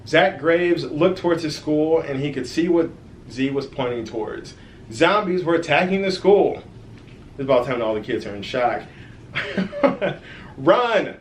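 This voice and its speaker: A man's voice: on the high side, normal speed, a little hiss or hum. Man reading a kids' story in an echoey room. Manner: lively storytelling with asides to kids. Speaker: author reading his own book. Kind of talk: reading a children's story aloud.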